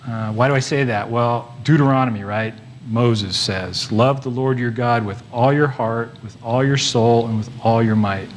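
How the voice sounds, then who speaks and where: A man preaching a sermon in a relaxed, conversational way, often restarting his sentences and pausing on fillers. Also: mid-range voice, a little hiss or hum.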